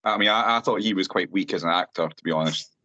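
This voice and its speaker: A Scottish man with a very deep voice talks fast and bluntly, swearing as he gives his opinions. He is recorded on a dull, lo-fi mic with a dry sound. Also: bright, forceful tone, no room sound. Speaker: podcast co-host. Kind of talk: casual movie review chat.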